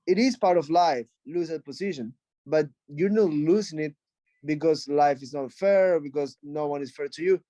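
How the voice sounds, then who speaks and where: A man's voice: fairly high pitch, dark tone, no room sound, rough recording. Blunt, swearing man, English. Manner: blunt, profane, frank. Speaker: interview guest, fighter. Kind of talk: casual interview.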